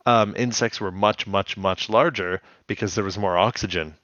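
Low-voiced man chatting casually. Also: normal speed, a bit bright, no echo, muffled recording. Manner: laughs often, recaps scenes in acted quotes. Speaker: podcast co-host. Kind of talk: casual chat.

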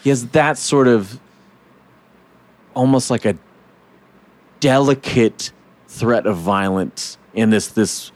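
A man's voice: mid-range voice, takes it slowly, long pauses, a little hiss or hum. A man hosting a casual podcast chat, talking loosely with swearing and acting out scenes. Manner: animated, swears, acts out comic scenes in voices. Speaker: podcast host.

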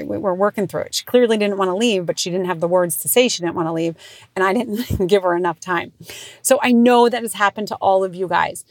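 A woman's voice: mid-range voice, brisk, no room sound. Woman, 30s, podcast host, casual comic monologue, profane, laughs at herself, squeals when quoting herself, dry close sound.

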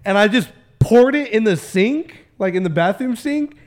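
Brief: high-voiced young man, podcast co-host, loose slang, swearing storyteller. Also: lively intonation, normal speed. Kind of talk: casual storytelling.

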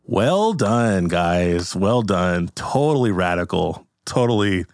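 A man's voice: sits low, very animated, takes it slowly, dry recording, studio quality, exaggerated voice. A man playing a smug, gloating billionaire villain in an improvised comedy scene. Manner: gloating, mocking. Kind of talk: improvised comedy role-play.

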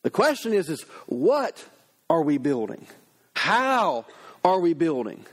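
Male pastor, sermon, lively conversational storytelling, high voice. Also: slow pace, husky.

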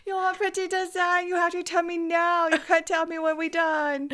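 A woman's voice: very high voice, level tone, moderate pace, a bit bright, voice pushed up. A woman doing a pushy nail salon lady. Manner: clipped broken English, salesy.

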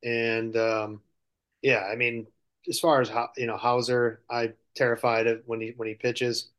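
A man's voice: medium pitch, little pitch movement, measured pace, fairly bright tone. A man co-hosting a casual sports podcast, talking hesitantly with dry humor. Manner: hesitant, lots of fillers and restarts, dry humor. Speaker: podcast co-host.

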